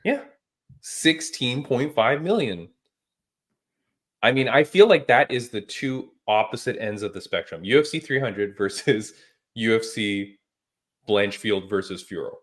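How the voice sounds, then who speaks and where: Animated lower-voiced man hosting. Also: unhurried. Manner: animated, emphatic storytelling with casual slang. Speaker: podcast host. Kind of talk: casual chat.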